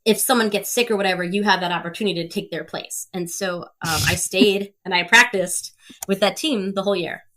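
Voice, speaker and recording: A woman in her thirties appears as a podcast guest, telling stories with lots of energy, laughing often and acting out the people she quotes. Her voice is medium-pitched, brisk and a bit bright, and the talk is casual storytelling.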